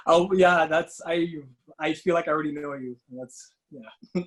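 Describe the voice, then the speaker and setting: A man, an artist, talking casually on an online panel, relaxed and searching for words. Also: fairly high pitch, normal speed, low-quality recording. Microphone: video call.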